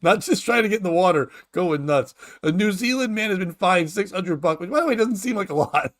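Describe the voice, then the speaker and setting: A man hosting a comedy podcast, reading news stories aloud and ranting about them in a profane, animated way, laughing at his own jokes. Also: high voice, brisk.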